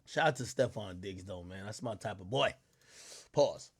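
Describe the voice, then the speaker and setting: A man's voice: lowish voice, normal speed, breathy edge, dry recording, studio quality. A man chatting casually on his livestream, tipsy, rambling and profane, laughing often and mimicking other people.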